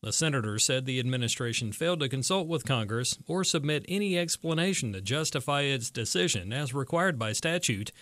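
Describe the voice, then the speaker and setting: A man reading a radio newscast as the anchor, steady and measured. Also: medium pitch, no echo. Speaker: news anchor.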